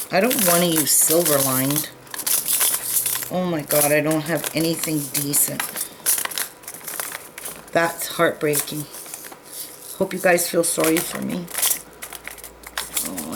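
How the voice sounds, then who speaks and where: A low, creaky-voiced woman hosts a relaxed beading tutorial over a noisy background. She sorts her beads while chatting with viewers and poking fun at herself.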